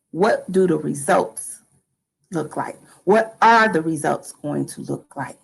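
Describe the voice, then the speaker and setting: A middle-aged woman hosting a live motivational talk, lively and animated, acting out excited quotes. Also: mid-range voice, vocal fry, husky, low-quality recording. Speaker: motivational live-stream host.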